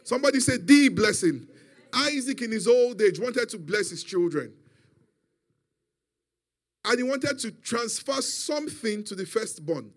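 Brief: male preacher, high voice, emphatic call-and-response sermon. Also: big pitch swings, measured pace, long pauses.

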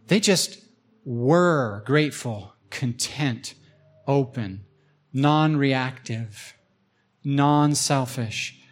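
A man's voice: mid-range voice, drawn-out words. A man preaching a conversational sermon as pastor, slipping into imagined voices as he talks.

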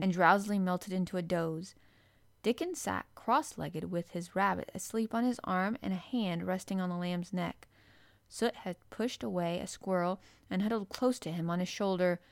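A woman narrating a children's storybook in a measured, expressive reading. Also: medium pitch, gravelly, no room sound. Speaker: audiobook narrator.

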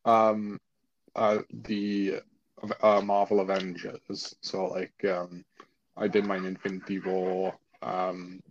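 A man's voice: deep voice, monotone, slow, muffled recording. A Welsh man co-hosting a podcast, chatting casually with lots of fillers, restarts and casual swearing. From Wales. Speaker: podcast co-host. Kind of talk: casual chat.

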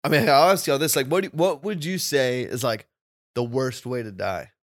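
A man, co-hosting a podcast and telling stories in casual chat, animated and quick to say "bro". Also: medium pitch, dry recording, clean studio sound. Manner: animated storyteller, says "bro" often. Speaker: podcast co-host.

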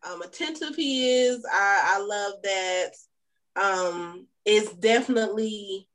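A woman chatting casually on a podcast, telling animated stories about her husband and acting out his lines. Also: mid-range voice, moderate pace, rough recording. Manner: animated storytelling, acts out quotes, laughs often. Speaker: podcast guest, host's wife. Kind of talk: casual chat.

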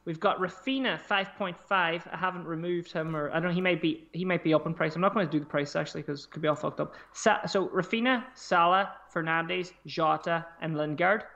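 A man's voice: fairly high pitch, fairly bright tone, dull audio. A man co-hosting a casual podcast chat, swearing freely as he talks through his squad choices aloud. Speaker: podcast co-host. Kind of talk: casual fantasy football chat.

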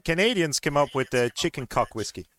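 A man's voice: on the high side, lively intonation, brisk, a bit bright. A man in casual podcast banter, reading out odd drink names and laughing. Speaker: podcast co-host.

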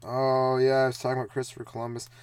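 A man's voice: medium pitch, monotone, background noise. Rambling, profane male comedian. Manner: loose, rambling, profane, quick asides. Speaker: stand-up comedian hosting a podcast. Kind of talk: rambling solo comedy podcast.

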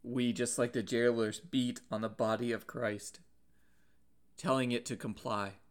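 A man preaching a sermon in an earnest, measured way, pausing now and then and restarting a word. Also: mid-range voice, fairly even intonation.

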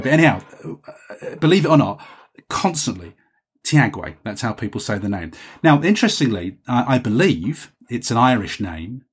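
A podcast host with a husky, medium-pitched voice chats casually and reads listener messages aloud. He rambles and often corrects himself.

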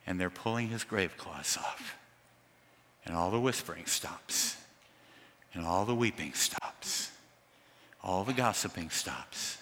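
A man preaching a sermon through a sound system, telling the story dramatically with lively asides. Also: low-pitched, slow, pauses often, in a large hall, a little hiss or hum. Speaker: pastor. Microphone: amplified through a sound system.

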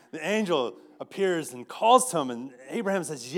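Man, pastor, conversational sermon, slightly high voice, frequent restarts and repeats. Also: lively intonation, unhurried, fairly bright tone. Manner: conversational preaching with many restarts and repeated words.

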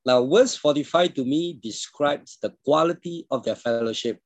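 A man preaching a sermon in a steady teaching tone, often clearing his throat and putting questions to his listeners. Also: a little high, normal speed, dry recording. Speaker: pastor. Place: online church service.

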